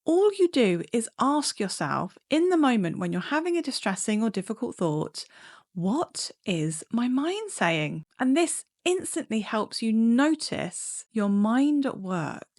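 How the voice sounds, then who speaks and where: Calm higher-pitched woman psychologist explaining. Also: measured pace. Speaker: clinical psychologist. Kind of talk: instructional talk to camera.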